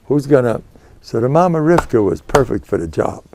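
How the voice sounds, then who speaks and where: A man's voice: mid-range voice, very animated, normal speed, noisy background. An older American man, a rabbi giving a Torah lecture, telling stories in a digressive way and scattering Yiddish and Hebrew terms through his talk. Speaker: rabbi and spiritual mentor.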